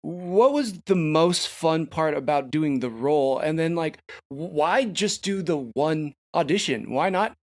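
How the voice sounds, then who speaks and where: A man's voice: fairly high pitch, expressive, a little slow, hardly any pauses, darkish tone. A man hosting an interview, asking loose, rambling questions and laughing along with his guest. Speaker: podcast host. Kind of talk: casual interview chat.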